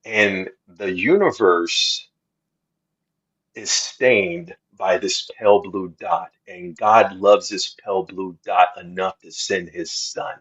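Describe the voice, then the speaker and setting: Man, lower voice, husky, slow earnest Bible chat, dull lo-fi sound. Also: fairly even intonation, fairly bright tone. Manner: slow, earnest preaching tone with many restarts. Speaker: co-host of faith podcast. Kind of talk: casual Bible discussion.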